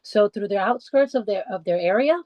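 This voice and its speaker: A woman's voice: mid-range voice, lively intonation, darkish tone, no room sound, rough recording. Dry-sounding woman telling her story. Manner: halting, many restarts and fillers, heartfelt. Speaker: podcast guest. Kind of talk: personal conversational storytelling. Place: lives in the English countryside.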